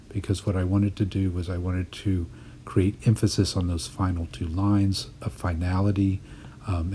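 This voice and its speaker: A man with a very low, mellow voice talks through a poetry lesson in a voice-over. He explains his work in a thoughtful, measured way, like a writing teacher walking a class through drafts. A faint hiss of noise sits under his voice.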